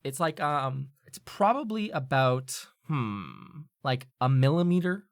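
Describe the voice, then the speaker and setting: A man's voice: mid-range voice, animated, measured pace, dry recording, studio quality. A man narrating as game master of a tabletop game, casual and loose with many fillers and restarts.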